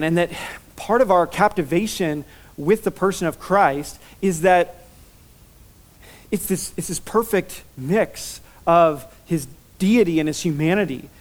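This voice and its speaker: A man preaching a sermon as pastor, enthusiastic and animated, telling stories with quick repetitions. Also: a little high.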